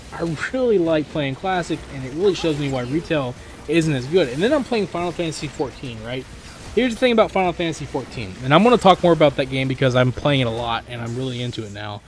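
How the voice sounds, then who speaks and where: A young man rambling casually to his viewers, with many fillers and restarts. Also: slight background noise. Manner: mimics other players in quick high voices. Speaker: gaming YouTuber. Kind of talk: casual spoken monologue.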